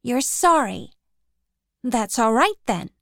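A hurt teenage boyfriend lashes out in bitter, accusing words, read by a woman in her own high voice. He speaks slowly and deliberately, and the recording is close and dry with no room sound. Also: big pitch swings, gravelly, fairly bright tone, dry recording, heavily acted. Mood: icy.

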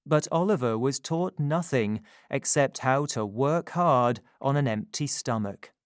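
Slow, calm storybook narrator, a man. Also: mid-range voice, dry recording, studio quality. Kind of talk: storybook reading.

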